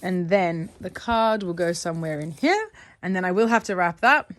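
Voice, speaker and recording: A woman's voice: on the low side, lively intonation, normal speed. A woman chatting casually to her phone camera at home, rambling and correcting herself as she goes. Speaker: vlogger. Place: at home, indoors.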